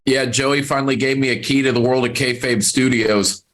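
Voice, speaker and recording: Man, mid-pitched voice, co-host, relaxed plain talk, casual podcast. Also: normal speed. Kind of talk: casual wrestling podcast chat.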